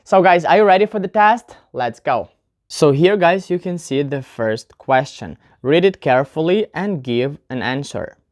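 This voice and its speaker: Woman, pronunciation teacher, low voice, casual video lesson, chatty, stresses words aloud as examples. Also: lively intonation, darkish tone. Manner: chatty, often addresses viewers as "guys"; explains slowly, demonstrating word stress aloud.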